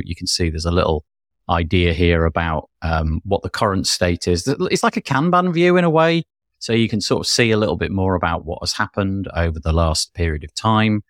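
Man, podcast host, enthusiastic, rambling, lowish voice, dry sound. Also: no room sound. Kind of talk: casual tech news chat.

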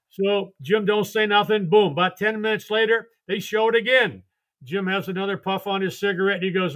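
An older man, a retired baseball coach, telling animated stories and acting out the voices of the people in them on a podcast. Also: high-pitched, moderate pace. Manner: animated, laughing storyteller who acts out voices. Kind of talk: storytelling on a podcast.

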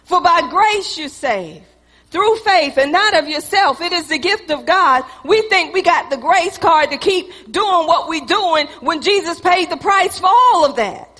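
A woman pastor preaches in a very high, bright voice. She stirs the congregation with call-and-response and slips into acted-out dialogue. Her voice rings with the long echo of a church hall. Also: expressive, unhurried. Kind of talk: sermon.

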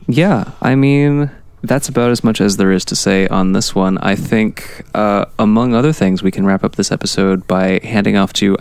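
A man's voice: on the low side, a little mellow, smooth, dry recording. A man co-hosting a casual podcast, wrapping up with dry jokes. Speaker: podcast co-host.

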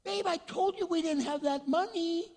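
A man voicing an exasperated husband, a pastor fussing over money, his pitch jumping high. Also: normal speed, darkish tone, long reverb tail.

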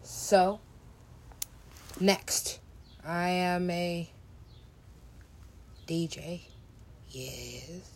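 Slow, rambling woman who laughs a lot. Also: fairly low pitch, a little mellow, slight background noise. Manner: meandering, laughs often, swears casually. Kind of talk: rambling casual monologue.

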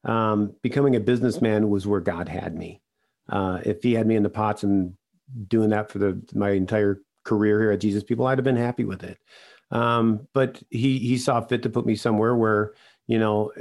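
An older man telling a personal story in an interview, earnest and halting, often restarting his sentences. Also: lowish voice, fairly even intonation, vocal fry, a little mellow. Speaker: regular podcast host, interviewed guest.

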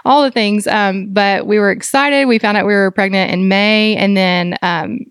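A woman guest on a podcast interview, speaking earnestly and haltingly with many fillers as she describes her experience as a doula and mother. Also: mid-range voice, steady tone, clean tone, no room sound, studio quality. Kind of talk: conversational interview.

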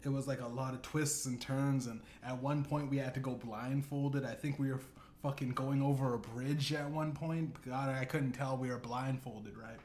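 A man's voice: mid-range voice, steady tone, moderate pace, few pauses, a little mellow, a little hiss or hum. A man hosting a comedy podcast, telling an absurd story in a rambling, profane way, full of "you know what I'm saying.". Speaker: podcast host. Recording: echoey room with faint ambience.

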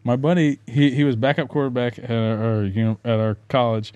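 A man's voice: medium pitch, flat delivery, a little fast, warm tone, clear, resonant tone, dry recording. A tipsy young man rambling and swearing as a podcast guest in a casual chat. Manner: rambling, swearing, laughs a lot.

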